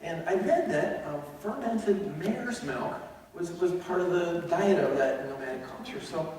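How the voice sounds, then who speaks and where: Man, high voice, chatty storyteller, lots of fillers, echoey hall, heard from far off. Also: animated, measured pace, a little mellow. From United States. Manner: chatty, with frequent fillers and restarts. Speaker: university teacher giving a talk. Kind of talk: humorous anecdotal storytelling. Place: large lecture hall or auditorium. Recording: echoey hall, distant mic, faint noise.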